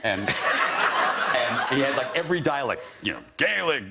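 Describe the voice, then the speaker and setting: A middle-aged man on a talk show, spinning comic anecdotes with a lively, bouncing voice and frequent laughter. His pitch sits in an ordinary middle range. The recording carries a loud wash of studio noise. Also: a little slow. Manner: chatty, laughs through his stories. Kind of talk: anecdotal storytelling.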